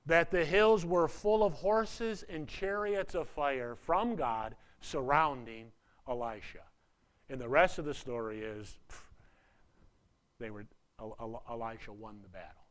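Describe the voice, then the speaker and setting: A man preaching a sermon as a pastor, retelling a scripture story, swinging between loud outbursts and hushed, quiet lines. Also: fairly high pitch, clean tone.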